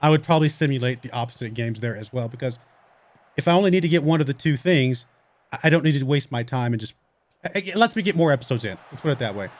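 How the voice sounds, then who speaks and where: A man's voice: mid-range voice, fast talker, dry recording. A young man hosting a let's play, casually talking through his game with rambling asides, fillers and the odd yawn. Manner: relaxed, rambling, yawning, thinking aloud with fillers. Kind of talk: casual gameplay commentary.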